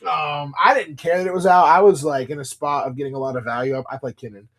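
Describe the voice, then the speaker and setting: A fast-talking man with a voice on the high side and a steady tone hosts a live stream opening card packs. Chatty and prone to rambling, he reads cards aloud, tells viewers stories, and greets them by name.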